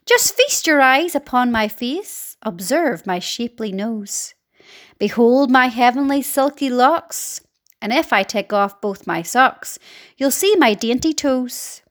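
A woman's voice: fairly high pitch, animated, slow pace. A woman doing a pompous, vain old aunt. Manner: pompous and gloating.

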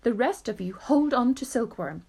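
A woman voicing a brave young boy in a storybook reading, calling out high and eager. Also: expressive, moderate pace, vocal fry, darkish tone, husky, exaggerated voice. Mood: determined.

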